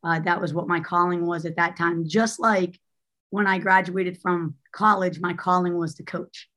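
A woman's voice: lowish voice, fairly even intonation, moderate pace, a bit bright. A woman telling a personal story as an interview guest, candid and chatty with lots of fillers. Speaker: guest, former basketball coach.

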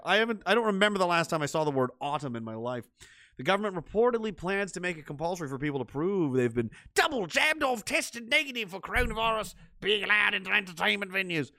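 A middle-aged man rants through political news, sarcastic and profane, reading out chat comments between jabs. His voice sits a bit high for a man, and the sound is dry and close with no room echo. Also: expressive, fairly quick, sharp tone. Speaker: livestream commentator.

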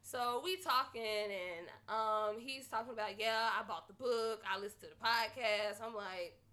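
A woman with a high, bright voice. She hosts a podcast and tells a story in casual chat. She is blunt, profane and animated. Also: a little slow. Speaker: podcast host.

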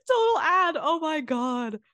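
A woman's voice: high voice, slow pace, no room sound. A woman co-hosting a podcast in casual chat, laughing often and teasing herself. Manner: laughs often, animated and self-mocking. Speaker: podcast co-host.

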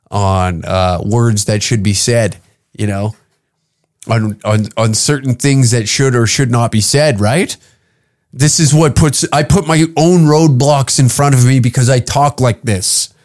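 A man hosting a podcast, talking in a crude, rambling comedic monologue full of swearing. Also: medium pitch. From Canada. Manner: profane, rambling, brash. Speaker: podcast host. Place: podcast studio.

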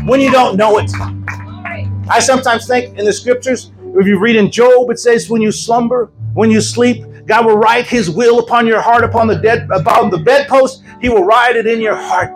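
A man preaching a sermon as an evangelist at a church service, telling stories in a lively, joking way. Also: sits high, low-quality recording. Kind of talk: sermon with storytelling.

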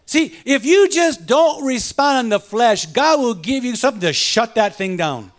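A man's voice: very high-pitched, sing-song, moderate pace, a bit bright. A male pastor preaching a sermon and telling a personal story, fervent and calling out to the congregation. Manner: fervent, punctuates with call-outs to the congregation.

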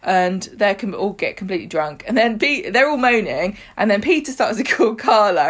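A woman's voice: medium pitch, expressive, moderate pace, few pauses. A woman, co-hosting a podcast and chattily retelling soap scenes with quoted lines. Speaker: podcast co-host. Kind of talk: casual chat, recapping a soap.

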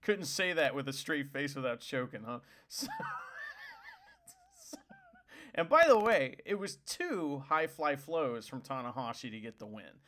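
A man co-hosting a casual wrestling podcast, excitable and swearing freely. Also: mid-range voice, a little slow, slight background noise. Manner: excitable, swears, laughs often. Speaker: podcast co-host.

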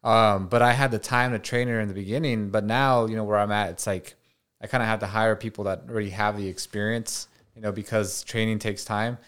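Low-voiced man hosting a podcast. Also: fairly even intonation, a little fast, fairly bright tone, clear, resonant tone. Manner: attentive, frequent short affirmations. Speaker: podcast host, tax practice owner. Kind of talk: casual podcast interview.

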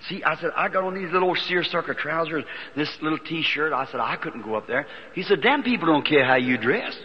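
A man preaching in a folksy, animated storytelling manner, with a Southern Indiana accent. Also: fairly high pitch, a little fast, hardly any pauses, husky. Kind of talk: sermon storytelling. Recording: old lo-fi recording in a reverberant hall.

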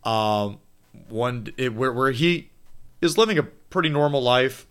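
A man's voice: medium pitch, a little slow, clear, resonant tone. A man co-hosting a casual chat, recapping a horror film with lots of swearing and laughter. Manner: animated storytelling with swearing and laughs. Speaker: podcast co-host.

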